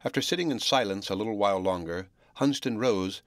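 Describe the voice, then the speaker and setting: A man with a voice on the low side narrates an audiobook from a script, telling the story in a measured, even manner. The recording is dry, with clean studio sound.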